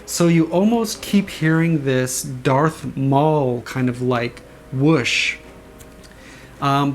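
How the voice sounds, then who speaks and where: A man casually explaining how he designed sound effects, eager and imitating whooshes and booms with his voice. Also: creaky. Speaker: saber sound font designer.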